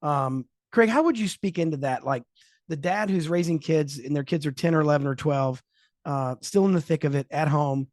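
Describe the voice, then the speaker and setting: A man's voice: a little high, normal speed, a little mellow, no room sound, studio quality. Probing male podcast host. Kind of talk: casual podcast interviewing.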